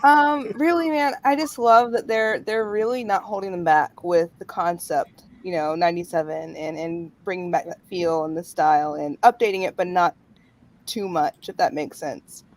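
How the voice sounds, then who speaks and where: Enthusiastic woman with faint background noise. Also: mid-range voice. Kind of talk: casual live-stream chat.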